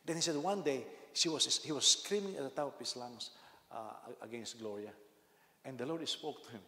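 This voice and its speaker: Pastor preaching in an echoey hall. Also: male voice, medium pitch, normal speed. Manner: animated storytelling, frequent repetitions and restarts. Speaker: senior pastor. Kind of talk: sermon. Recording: echoey hall with long reverb.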